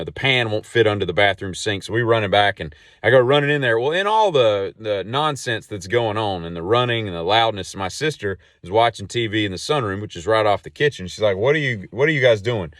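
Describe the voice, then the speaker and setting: A man hosting a podcast and telling a long casual story in a rambling, animated way with many asides. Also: lowish voice, fairly quick, no echo, studio quality. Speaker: podcast host.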